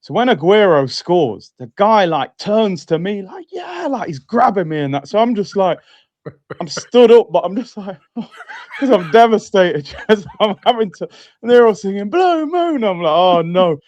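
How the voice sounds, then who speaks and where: A man's voice: high-pitched, big pitch swings, normal speed, a little mellow, no echo, highs cut off. A man, a podcast co-host telling a self-mocking story in casual chat, often laughing.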